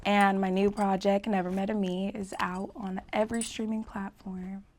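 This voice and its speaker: A woman talking as a guest in a casual interview, laughing often and speaking in a lively way. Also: medium pitch, a little hiss or hum. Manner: giggly, lively, quick laughs. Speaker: guest artist.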